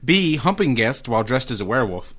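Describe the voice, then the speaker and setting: A man's voice: medium pitch, sing-song, brisk, a bit bright, slightly rough. A man hosting a casual trivia game on a podcast, reading out questions and answer options with a joking manner. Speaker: quiz host.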